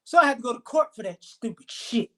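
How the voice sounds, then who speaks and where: A man with a very high-pitched, animated voice and a sharp tone rants through a story to camera. He swears often and tells it fast and heated, acting out what each person in it said.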